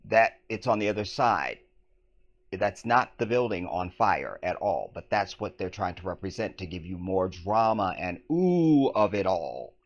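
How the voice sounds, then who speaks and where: A man's voice: low voice, animated, measured pace. A man commenting on news clips in a scornful, emphatic way, repeating phrases back. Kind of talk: conspiracy commentary vlog.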